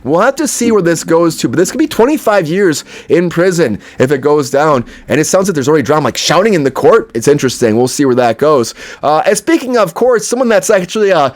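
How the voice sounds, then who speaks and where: A man's voice: fairly high pitch, big pitch swings, brisk, hardly any pauses. A man hosting an entertainment news show, giving casual, opinionated commentary with frequent asides to his viewers. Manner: chatty, opinionated, lots of fillers and asides to viewers.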